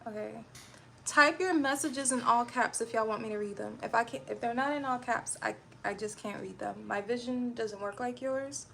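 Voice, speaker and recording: Irritable young woman streamer with a gravelly voice. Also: fairly high pitch, moderate pace, pushed and bright, slight background noise. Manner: irritable, blunt, rambling. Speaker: livestreamer. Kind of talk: casual livestream chat.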